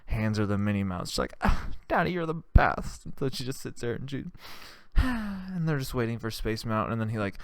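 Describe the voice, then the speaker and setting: A man's voice: lowish voice, sing-song, brisk, smooth, no echo, studio quality. A man hosting a comedy podcast, telling a crude, rambling comic story. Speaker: podcast host. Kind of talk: comedic monologue.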